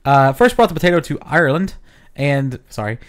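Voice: medium pitch, big pitch swings, brisk, clear, resonant tone. Podcast co-host reading facts with jokes. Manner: reads facts aloud, jokey asides. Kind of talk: casual podcast chat.

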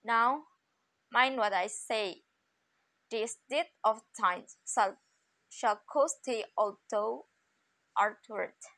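A woman's voice: on the high side, very slow, long pauses, fairly bright tone, exaggerated voice. A woman voicing a fierce little sparrow. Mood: scolding. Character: small brave female sparrow, fierce avenger.

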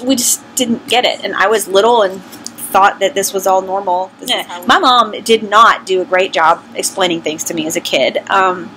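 A middle-aged woman with a Southern US accent talks to her viewers in a loose, conversational vlog. Her voice has a bright, forward edge at an ordinary middle pitch. She speaks candidly and pokes fun at herself as she recalls her own past. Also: slight background noise, poor audio. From American South. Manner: candid, self-deprecating, conversational. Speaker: vlogger. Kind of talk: casual personal storytelling.

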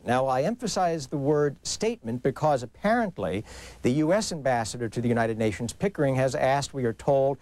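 A man's voice: medium pitch, lively intonation, fairly quick, a little mellow, no room sound. A male correspondent reporting live from the United Nations, carefully recapping unconfirmed news.

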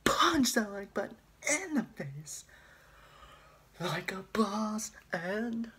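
A man putting on a voice for an excitable young male video host doing a loud outro, strained high and shouting, recorded on a phone. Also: slow pace, slight background noise, full character voice. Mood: hyped.

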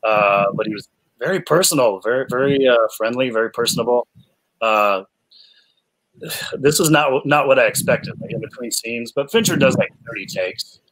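A man at an ordinary middle pitch, telling lively film-set stories. He speaks in a casual, enthusiastic way, full of "uh"s and quick restarts. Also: low-quality recording. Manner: enthusiastic storyteller, many fillers and restarts. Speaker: actor guest. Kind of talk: casual chat, animated anecdotes.

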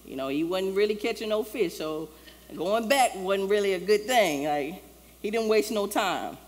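In a church sanctuary full of long reverb and faint ambience, a woman pastor preaches casually and conversationally. Her medium-pitched voice is expressive at a moderate pace, and she dramatizes the lines she quotes.

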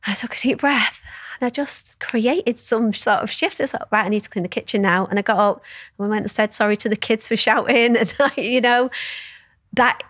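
A woman's voice: fairly high pitch, fairly even intonation, normal speed, a bit bright, no echo, clean studio sound. A woman guest telling personal stories in an open, reflective way, swearing freely as she talks. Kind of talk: candid conversational storytelling.

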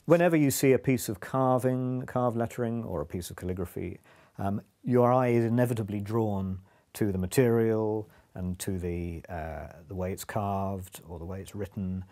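A man speaking reflectively in a documentary interview, measured with some fillers. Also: fairly low pitch, dark tone.

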